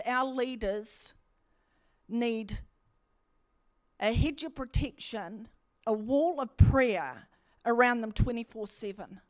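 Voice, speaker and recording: A middle-aged woman, preaching a sermon in a fervent, emphatic way, often repeating her phrases. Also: mid-range voice.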